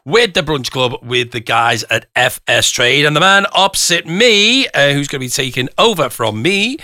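A man's voice: fairly high pitch, very animated, moderate pace, sharp tone, dry recording, clean studio sound. A man hosting a radio show, teasing and joking in casual banter. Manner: teasing, jokey, playful. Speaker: radio host. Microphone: studio microphone.

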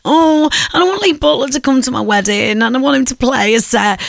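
Woman doing a whiny, fed-up bride-to-be, high and moaning. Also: fairly quick, gravelly, no echo, studio quality. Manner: whiny, complaining. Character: whiny stressed woman planning a wedding.

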